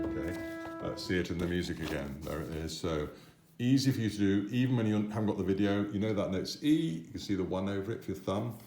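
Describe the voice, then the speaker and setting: A man's voice: low voice, animated, quick pace. A man teaching children a piano piece, patient and encouraging, sometimes singing the note patterns. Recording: roomy echo, piano playing.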